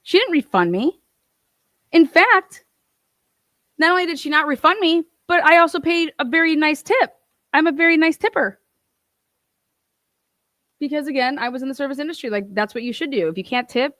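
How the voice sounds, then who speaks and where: Heated young woman, storytime rant, lots of swearing, dry high voice. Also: fairly quick, fairly bright tone, no echo. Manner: profane, heated ranting with laughs. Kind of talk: ranting storytime.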